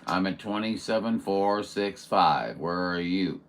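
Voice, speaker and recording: A deep-voiced man hosts a CB radio session, sounding animated but keeping a measured pace. As operator and show host, he chats in a rambling, friendly way full of fillers and radio jargon.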